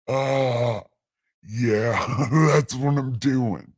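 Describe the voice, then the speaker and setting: A man's voice: mid-range voice, drawn-out words, breathy edge. A man casually reading the Bible aloud on a late-night livestream, irreverent and rambling, stumbling over lines and swearing as he goes.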